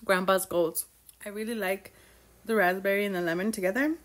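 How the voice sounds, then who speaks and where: A woman's voice: medium pitch, steady tone, fairly quick. A young woman chatting casually as she recaps a novel for her book club, gushing and acting out characters' lines.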